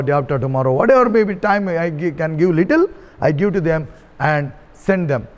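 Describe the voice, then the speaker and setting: High-voiced priest preaching in an echoing hall. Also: male voice. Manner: earnest, repeats key phrases for emphasis. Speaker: Catholic priest. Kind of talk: sermon. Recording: reverberant hall.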